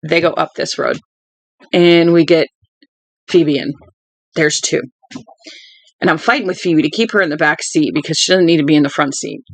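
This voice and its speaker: A woman's voice: sits low, moderate pace, pauses often, no room sound, low-quality recording. A tired woman in her forties, a book-reading stream host, rambling through a casual story at home. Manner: chatty storyteller who drifts off topic. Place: at home with dogs.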